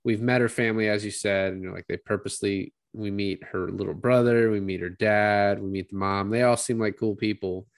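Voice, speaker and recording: A man chatting loosely on a film podcast, summing up scenes. His talk is relaxed and filled with "like" and quick quoted asides. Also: fairly low pitch. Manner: casual storytelling with frequent "like" and quoted asides. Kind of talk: casual film discussion.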